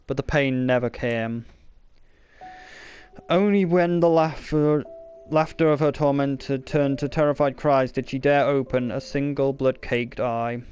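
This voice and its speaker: A man's voice: medium pitch, a little mellow, clear, resonant tone. A man casually reading a novel aloud, often stumbling and restarting words, with the odd joking aside. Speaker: reader.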